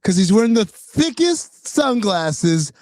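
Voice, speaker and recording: A man trades wisecracks about a movie as a podcast co-host. His voice is fairly high and bounces all over in pitch, and the sound is close and dry. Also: big pitch swings, a little mellow, no room sound. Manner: jokey, quick asides and wisecracks. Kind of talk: comedic film recap chat.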